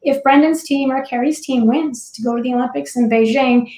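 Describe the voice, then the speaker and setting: A woman's voice: high-pitched, a little fast, warm tone. A middle-aged woman, a former Olympic curler, speaking thoughtfully and candidly as a panel guest, with easy laughs. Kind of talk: reflective panel discussion. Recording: roomy echo.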